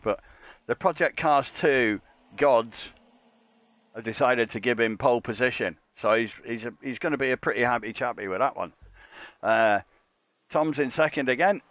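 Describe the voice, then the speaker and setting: A man commentating a live sim racing stream in a chatty, joking way. His voice sits at an ordinary middle pitch, and he wanders off into side remarks between the action. Once the lights go out, he lifts his energy and calls the start. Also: dry recording, muffled recording. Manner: chatty and jokey, with rambling asides; gets louder and higher at race starts. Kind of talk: live esports race commentary.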